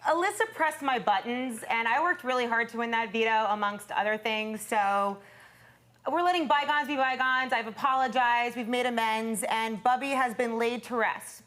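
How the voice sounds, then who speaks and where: A woman's voice: fairly high pitch, normal speed, fairly bright tone. A woman who is a reality show contestant, answering the host in a defiant, self-assured way. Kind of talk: live TV Q&A.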